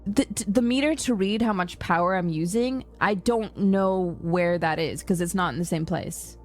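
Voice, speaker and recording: A woman's voice: on the low side, normal speed, faint music behind. A young woman streamer telling a story to her chat in a casual, exasperated rant, acting out the other people's lines. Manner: exasperated, animated retelling with quoted dialogue.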